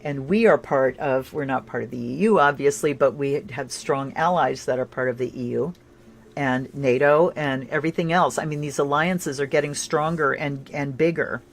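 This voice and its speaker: A woman doing a casual tarot and astrology reading, chatty and rambling, with sudden bursts of excitement. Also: a bass voice, normal speed.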